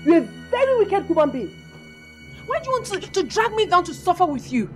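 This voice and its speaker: A woman's voice: very high-pitched, big pitch swings, a little fast, faint music behind. A Nigerian actress playing a haughty young woman who coldly lectures and dismisses her boyfriend. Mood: scornful. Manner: cold, scornful, lecturing. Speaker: actor. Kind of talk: film acting.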